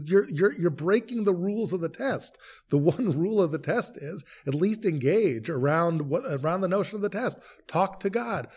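Man, rabbi type, higher-pitched, animated teaching voice, podcast study. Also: normal speed. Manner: animated, questioning, reads verses then explains. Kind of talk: podcast text study discussion.

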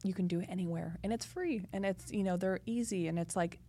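A young woman, a podcast guest, chatting in a lively way full of fillers as she tells her story. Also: on the low side, quick pace. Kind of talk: casual interview talk.

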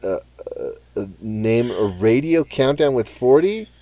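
A man's voice: medium pitch, measured pace, no room sound. A man in his forties plays along with a quiz in easy conversation. He jokes a lot, and his voice climbs and dips with a lot of life. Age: 40s. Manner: joking, animated. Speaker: quiz contestant. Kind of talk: casual podcast chat.

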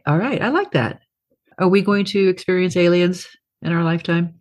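A woman's voice: on the low side, moderate pace, darkish tone. A woman hosting an interview, asking an author curious questions over a video call. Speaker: interview host. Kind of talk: casual interview chat.

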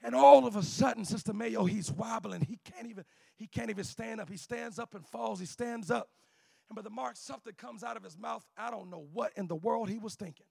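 High gravelly shouting preacher man. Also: brisk, dry recording. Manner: chanted shouting with "uh" before each phrase; drops to a quiet storytelling tone. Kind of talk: sermon.

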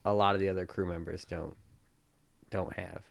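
A relaxed man co-hosting a podcast, mostly agreeing with short replies. His voice sits a bit low. The recording is dry and close. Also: fast talker, creaky, no room sound. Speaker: podcast co-host. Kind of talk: casual chat.

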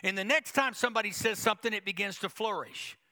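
A man's voice: sits high, quick pace, sharp tone. A male pastor preaching a sermon, emphatic, with repetition and quoted asides to the congregation.

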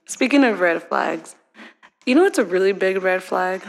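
A woman's voice: mid-range voice, lively intonation, moderate pace, creaky. A young woman co-hosting a podcast in casual chat, laughing often and filling her talk with "like" and "dude.". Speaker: podcast co-host. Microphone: podcast mic on a desk.

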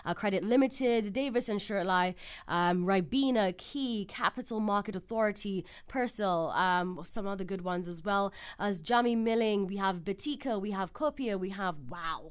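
Lady radio host, bubbly and excited, mid pitch, studio mic. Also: moderate pace, hardly any pauses, clean tone. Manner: enthusiastic, upbeat. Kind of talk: radio interview.

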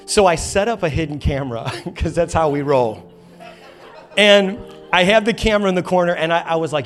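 A man's voice: on the high side, brisk, faint music behind. A man in his thirties preaching a sermon in a church auditorium, telling a funny story with lots of energy and playful acted quotes. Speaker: pastor.

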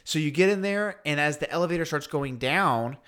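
A man chatting casually on a podcast, retelling an experience in an animated, slangy way and acting out the lines people said. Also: on the high side, fairly quick, clean tone. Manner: slangy, laid-back. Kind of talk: casual chat.

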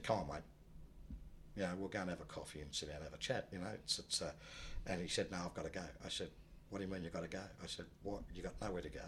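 A man telling a personal story in a rambling, halting way, often dropping low and quiet. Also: slight background noise. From Australia. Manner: rambling, many restarts, low and subdued when recalling loss. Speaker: guest telling his life story. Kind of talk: casual spoken storytelling.

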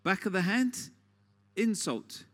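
A man's voice: high voice, lively intonation, takes it slowly. A man preaching a sermon in a conversational, storytelling way, often asking the listeners questions.

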